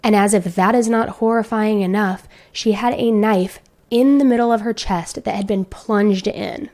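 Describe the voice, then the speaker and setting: A woman's voice: medium pitch, normal speed, a little mellow. A woman hosting a true-crime video, narrating a case in a chatty, conversational way.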